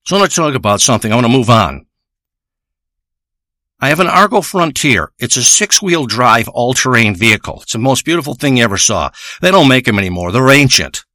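A man's voice: medium pitch, big pitch swings, brisk, pushed and bright, dry recording, studio quality. A man delivering a crude, rambling solo monologue in a profane, boastful, blunt way. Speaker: host of a recorded monologue.

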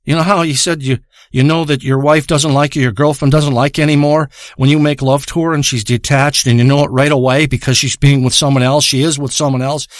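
A man telling a long absurd comic story in a deadpan, drawling way, acting out both sides of a phone call. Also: a little high, no room sound, studio quality.

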